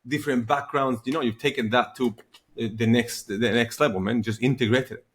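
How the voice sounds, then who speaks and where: A man's voice: medium pitch, fairly even intonation, moderate pace. Enthusiastic male podcast host. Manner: enthusiastic, affirming. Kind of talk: casual interview talk.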